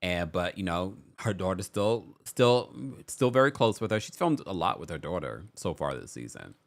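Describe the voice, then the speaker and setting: A man's voice: deep voice, moderate pace. A man hosting a casual reality TV recap, reading viewer comments aloud with sassy, playful asides. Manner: animated, sassy, reads chat comments aloud. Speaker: recap channel host.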